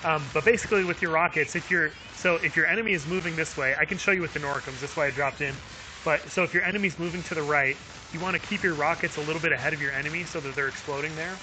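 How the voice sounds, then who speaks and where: A man's voice: fairly high pitch, fast talker, background noise. A man streaming a video game live, chatting upbeat with viewers, laughing often and using lots of fillers. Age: adult with young kids. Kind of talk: live gameplay commentary.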